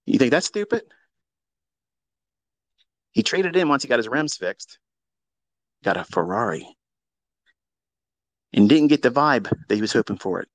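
A man's voice: mid-range voice, a little slow, long pauses, no room sound. Profane, mocking man telling a story. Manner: profane, mocking, animated storyteller with sudden loud outbursts. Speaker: trading educator on a live audio space. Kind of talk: casual storytelling monologue.

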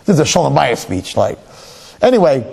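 Husky, animated rabbi preaching. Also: male voice, medium pitch, a little fast. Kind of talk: sermon with storytelling.

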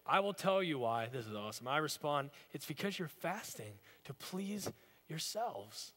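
Male pastor, bright, forceful tone, slightly higher voice, casual storytelling sermon, long church reverb. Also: sing-song, moderate pace, slightly rough. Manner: conversational, storytelling preaching. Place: church sanctuary.

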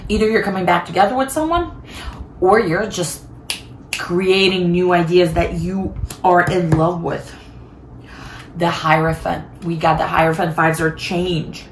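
Chatty, bubbly woman with a lowish voice. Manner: bubbly, chatty, laughs often. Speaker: tarot reader. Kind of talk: casual tarot reading. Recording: echoey room, faint background noise.

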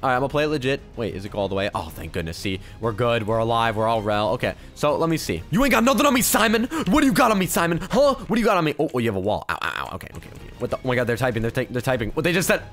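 A young man giving excited gameplay commentary, quick to yell and laugh, with loudness that swings fast. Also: mid-range voice, faint music behind. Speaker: gaming YouTuber.

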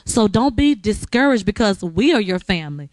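A woman's voice: medium pitch, animated, normal speed, darkish tone, no room sound. A woman at a recovery center speaking in an emotional, encouraging way to a graduate as she gives her an award. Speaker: recovery center staff member giving award. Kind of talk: heartfelt address to a graduate.

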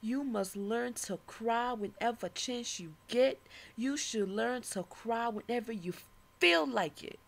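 A woman performing her own spoken-word poem with passion and a preaching tone, dropping to whispers and then rising to loud declarations. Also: on the high side, takes it slowly, gravelly. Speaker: poet. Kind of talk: spoken-word poetry recital.

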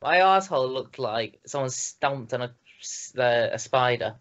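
A man's voice: mid-range voice, expressive, moderate pace, a bit bright, highs cut off. A young man co-hosting a reaction video, laughing through crude casual banter.

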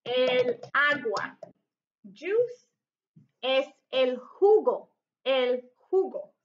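A woman teaching a recorded Spanish vocabulary lesson, speaking slowly and clearly and repeating each word several times. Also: high voice, animated, dull audio.

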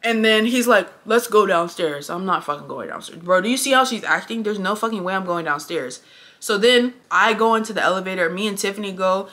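Young woman, vlogger, casual storytime, blunt, emphatic, profane, bright tone. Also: mid-range voice, fast. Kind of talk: casual storytime while getting ready.

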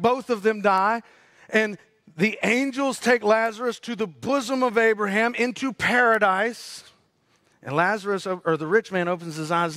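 A man preaching a sermon as pastor, swinging between loud rising peaks and hushed low asides. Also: no room sound, studio quality.

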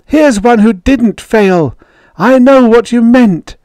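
Man putting on a shrieking woman's voice, high and strained, storybook reading, dry close sound. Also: takes it slowly, no room sound. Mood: furious, anguished. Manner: raised pitch, screaming and shouting. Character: furious grieving woman, Francine.

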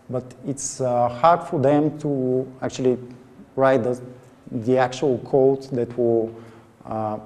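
A man giving a technical talk at a conference, pausing often with filler sounds. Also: mid-range voice, dark tone. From Bulgaria. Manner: hesitant, many filler sounds. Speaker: conference speaker. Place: large conference hall. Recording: reverberant hall sound.

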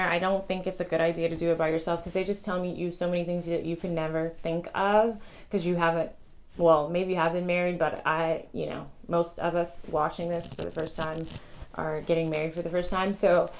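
Young female vlogger, lower register, chatty and quick, casual to-camera tips. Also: little pitch movement. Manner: chatty, rambling, many ums and restarts; talks fast. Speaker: vlogger sharing wedding tips.

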